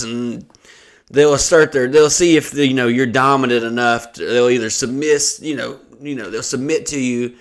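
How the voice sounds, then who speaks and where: A man, co-hosting a casual podcast. He tells a long story full of swearing and breaks into laughs. His pitch sits in an ordinary middle range. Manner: profane, laughing, animated storyteller. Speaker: podcast co-host.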